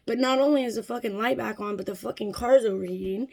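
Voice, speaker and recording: A woman in her thirties from California tells a story in a loose, rambling way, with fillers and frequent swearing. Her voice has a gravelly fry and sits a little high. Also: steady tone, fast, a little mellow. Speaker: vlogger. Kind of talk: casual storytelling vlog.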